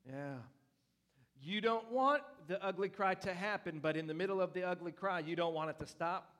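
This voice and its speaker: A young adult man preaching a sermon in a church, animated and playful, with loud and soft swings as he talks. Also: high voice, moderate pace. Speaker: pastor.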